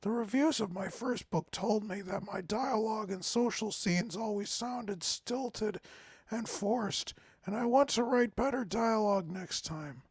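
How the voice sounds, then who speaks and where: Man doing a timid stammering mare, husky and gravelly, fancy-worded pony writer. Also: high voice, a little slow, dry recording, voice pushed up, exaggerated voice. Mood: eager. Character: shy, anxious female pony author, wordy. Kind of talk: reading game dialogue aloud.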